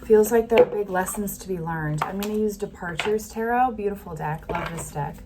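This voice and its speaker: A woman giving a casual tarot reading, talking gently and thinking aloud with many fillers. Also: medium pitch, a little fast. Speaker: tarot reader. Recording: faint street noise behind.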